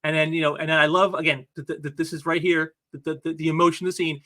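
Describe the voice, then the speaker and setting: An enthusiastic man talks casually through a comic book, as host of his own review show. His voice is a bit higher than most men's and sounds bright and forceful. He talks in a chatty, eager way. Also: level tone, quick pace. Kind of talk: casual video commentary.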